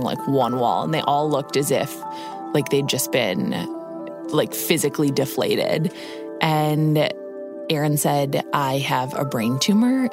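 A woman with a low, deep-set voice recounts a personal story in a casual, wry way. Her speech is full of "like" and quick asides. Music plays softly behind her. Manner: casual, peppered with "like", wry humor. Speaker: guest telling her story.

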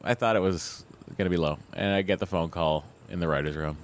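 Deep-voiced man telling a self-mocking story. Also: a little fast, a little hiss or hum. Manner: self-mocking, deadpan humor. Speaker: podcast co-host. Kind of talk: comic storytelling.

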